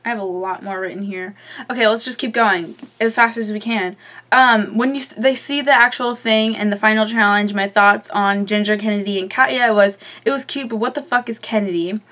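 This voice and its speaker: A woman's voice: mid-range voice, fairly even intonation, fairly quick, fairly bright tone. A young woman vlogger chatting casually through a recap, with lots of ums and offhand swearing.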